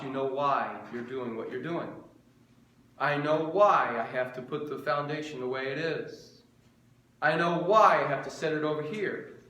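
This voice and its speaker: A man's voice: mid-range voice, fairly bright tone, reverberant, slight background noise. A middle-aged man preaching a sermon, earnest and repetitive, firing off rhetorical questions.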